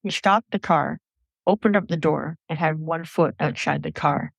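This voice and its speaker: A woman recounting a personal story in an earnest, measured way for a podcast. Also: sits low, vocal fry, husky, no room sound. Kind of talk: personal story told into a mic.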